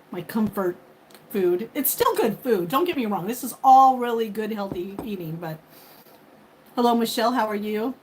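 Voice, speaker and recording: A woman's voice: mid-range voice, slight background noise, poor audio. A woman in her forties chatting casually with her live viewers, rambling and openly emotional. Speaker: livestream host.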